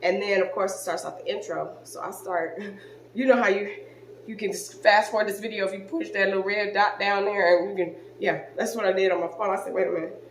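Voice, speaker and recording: A woman vlogger talking casually to her viewers, telling a story in an animated, expressive way with frequent exclamations. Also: medium pitch, fairly quick, a little hiss or hum. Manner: talks straight to viewers, informal. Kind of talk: casual chat to camera. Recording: roomy echo.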